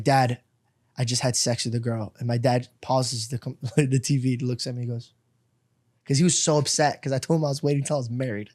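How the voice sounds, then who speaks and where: A man telling a story in casual podcast chat, animated and laughing, peppered with slang. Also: medium pitch, no room sound, studio quality. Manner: animated, laughs often, uses slang like "bro". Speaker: podcast co-host.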